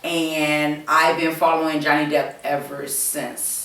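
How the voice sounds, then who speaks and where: A woman's voice: low-pitched, little pitch movement, slow, fairly bright tone. Woman vlogging, rambly and full of ums, mic kinda far off in an echoey room. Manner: rambling, hesitant, many fillers and repeats. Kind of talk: casual rambling chat to camera.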